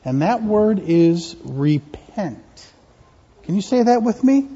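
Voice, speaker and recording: A man's voice: high-pitched, sing-song, slow pace. A man, a pastor, giving a playful, interactive children's sermon in a church. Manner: playful, interactive, gently teaching. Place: church sanctuary. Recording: echoey church hall, dull lo-fi.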